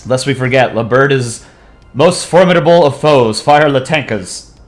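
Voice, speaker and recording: A man's voice: mid-range voice, moderate pace, natural voice. A man doing a dramatic countryball. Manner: dramatic mock-Italian phrasing. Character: eager Italian soldier countryball and boss, male. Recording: echoey room with faint music.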